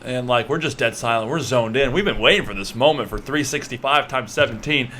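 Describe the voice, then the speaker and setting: A young man with a medium-pitched voice vlogs to camera at a brisk pace, with slight background noise. He tells a loose, rambling story packed with fillers, animatedly acting out the scene through gestures and repetition.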